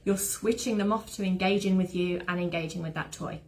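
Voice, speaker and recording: A woman's voice: lowish voice, fairly even intonation, a little fast, a little mellow. Chatty woman dog trainer. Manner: chatty, rambling, fond of anecdotes. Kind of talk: informal online teaching talk.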